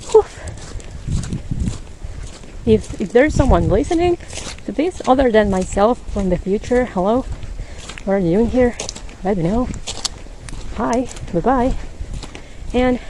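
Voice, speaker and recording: A woman's voice: on the high side, mellow, slight background noise, low-quality recording. A woman hosting a podcast, chatting in a rambling casual way while walking outdoors on a snowy street, laughing often and a little winded. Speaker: podcast host.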